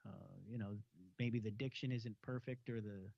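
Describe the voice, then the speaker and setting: A man's voice: on the low side, fairly even intonation, moderate pace, gravelly, no room sound. A man talking casually on a podcast, explaining things in an easygoing way. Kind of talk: casual talk. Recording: dull, muffled sound.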